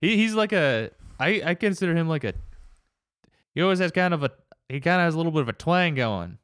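A man co-hosting a podcast, easygoing and quick to laugh, chatting casually. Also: fairly high pitch, lively intonation, a bit bright, smooth, dry recording, studio quality. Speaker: podcast co-host.

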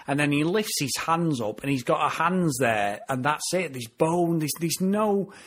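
A man's voice: a little high, expressive, a little slow, fairly bright tone. A man co-hosting a TV review podcast, chatting animatedly and laughing often as he talks. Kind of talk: casual review chat.

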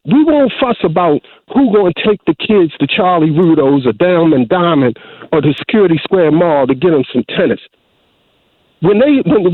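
A man's voice: high voice, no echo. A middle-aged man calling in to a talk show, preaching with heavy repetition and restarts. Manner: preachy, repeats himself, restarts often. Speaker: caller. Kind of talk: emotional call-in monologue. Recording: tinny phone line.

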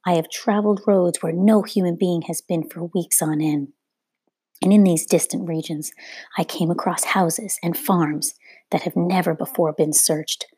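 A woman reading aloud voices a shrill, showy woman trader calling out to a crowd like a market hawker. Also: steady tone, measured pace, dark tone, slightly rough, no echo. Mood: proclaiming.

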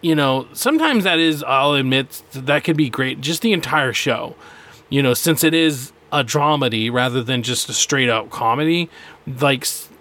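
A man's voice: medium pitch, animated, normal speed, fairly bright tone. A man co-hosting a podcast in casual chat, rambling and laughing often as he talks about shows. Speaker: podcast co-host.

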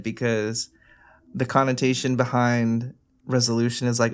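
A man's voice: mid-range voice, moderate pace. Easygoing man co-host. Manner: easygoing, laughs, earnest. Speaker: podcast co-host. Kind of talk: casual chat.

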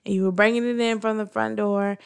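A woman with a gravelly, fry-edged voice chats casually with a partner. She tells stories in an animated way, and her pitch leaps up whenever she acts out what someone said. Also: brisk. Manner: animated storytelling, acting out quotes with pitch jumps. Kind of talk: casual chat.

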